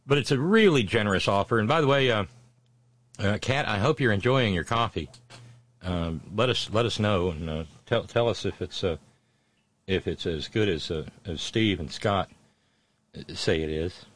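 A male talk show host reads listener messages aloud and comments on them conversationally, with lots of filler sounds and blunt, sardonic remarks. His voice is on the low side and a bit bright, at a moderate pace.

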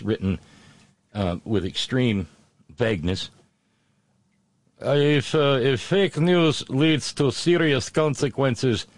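Halting, sarcastic male news commentator. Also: medium pitch, no echo. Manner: hesitant, many fillers and restarts, sarcastic. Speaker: political commentator.

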